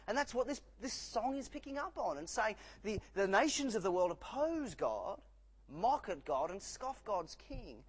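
A male preacher delivering a sermon with a fairly high voice that swings widely up and down. He presses his points with emphatic repetition and drops to a hush for weight. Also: very animated, unhurried, breathy edge, rough recording. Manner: emphatic, rising and falling for effect.

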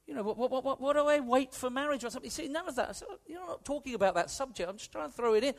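A British man preaching a sermon with a British accent, in an animated, conversational way that swings from hushed to emphatic. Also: very high-pitched, rapid-fire, hardly any pauses. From Britain.

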